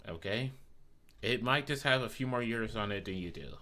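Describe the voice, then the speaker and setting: A man's voice: on the low side, animated, normal speed, bright, forceful tone. A male streamer chatting casually while he plays, teasing his chat playfully and swearing freely.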